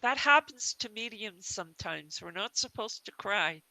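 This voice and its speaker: A woman medium relaying spirit messages to an audience, talking in halting phrases with many restarts. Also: mid-range voice, lively intonation, bright, forceful tone. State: tearful at times.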